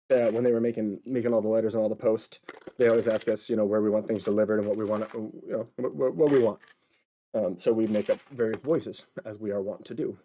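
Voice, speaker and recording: Mellow low-voiced man rambling playfully. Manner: rambling, playful, chatty asides to viewers. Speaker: vlogger and actor. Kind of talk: casual solo vlog monologue. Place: at home, indoors.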